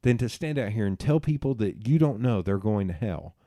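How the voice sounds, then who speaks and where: Low-voiced, mellow man telling stories. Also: brisk, dry recording, clean studio sound. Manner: animated storyteller, swearing, laughing at himself. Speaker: podcast host. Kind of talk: casual storytelling chat.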